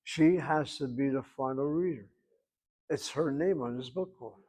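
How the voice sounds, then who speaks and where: A man's voice: mid-range voice, a little slow, a little mellow, low-quality recording. A man teaching a Hebrew grammar class, explaining step by step in an emphatic, opinionated way.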